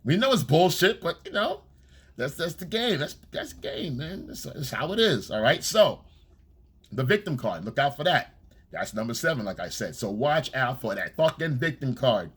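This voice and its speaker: A man talks through a casual coaching monologue on dating, blunt and peppered with profanity. He keeps checking in with "okay?" and "all right?" between points. His voice sits at a middling pitch with a husky grain. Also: sing-song, normal speed, fairly bright tone.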